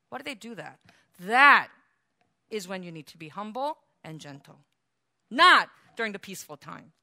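A woman pastor preaching a sermon in a church, animated, acting out quotes and laughing often. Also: sits high.

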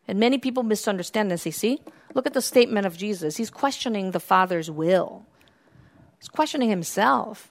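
A woman preaching a sermon, swinging from hushed near-whispers to fervent, raised passages. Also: on the high side, moderate pace, vocal fry.

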